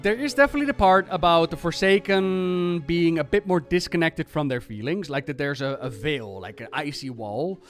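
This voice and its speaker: A man streamer chatting casually about game lore in an animated, ranting and profane way. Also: on the high side, normal speed, few pauses, faint music behind.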